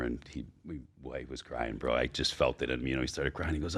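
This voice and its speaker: A man, a podcast guest, telling a story in a casual, animated way and acting out the voices of the people he quotes. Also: extremely low pitch. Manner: speaks in rushed bursts that trail off quietly.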